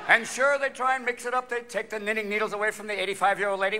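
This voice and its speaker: A man doing live stand-up comedy in a large theater, talking fast and jumping between many put-on voices. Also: high-pitched, flat delivery, sharp tone, a little hiss or hum. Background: audience laughter.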